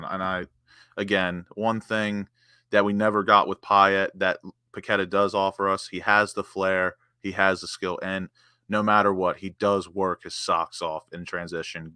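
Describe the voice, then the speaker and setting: This football chat co-host has a deep voice that sounds pushed, bright and clean. Passionate and emotional, he rates players and cites stats in casual fan talk. The recording is dry with clean studio sound.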